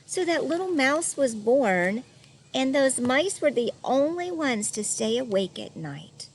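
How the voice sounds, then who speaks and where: Reading a picture-book story to a group of kids, this storyteller has a high voice that moves through a wide melodic range at a leisurely pace. Her manner is soft but spirited: she performs the animal noises and breaks off to quiz her listeners. A slight background noise is present.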